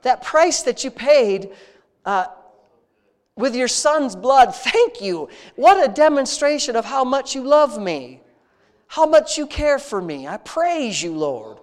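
A man's voice: very high-pitched, sing-song, slow pace. A man leading a congregation in spontaneous, heartfelt prayer, talking in an intimate, conversational way and repeating phrases of praise. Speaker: prayer leader.

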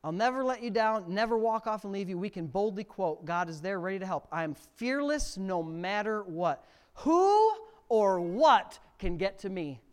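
Male pastor, middle-aged, sermon delivery, stage mic, pitch jumps way up at the peaks. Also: clear, resonant tone. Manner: preaching with sudden loud rises to near shouting.

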